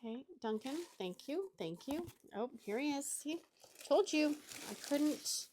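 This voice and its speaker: A married adult woman hosts a chatty craft-unboxing vlog from the crafting table in her home, gushing over each item and gasping and exclaiming often. Her voice sits high and is expressive, a little slow and a little mellow, with a slight hiss or hum.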